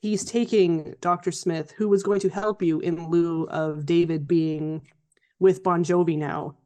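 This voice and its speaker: A woman's voice: on the low side, fairly even intonation, unhurried, mellow. A woman narrating as game master of a tabletop role-playing game, chatty and loose, with fillers and restarts.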